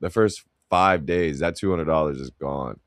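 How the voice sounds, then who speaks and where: Man, very deep voice, slangy, rambling, laid-back co-host, dry close sound. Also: moderate pace, no room sound. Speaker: podcast co-host. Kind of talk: casual chat.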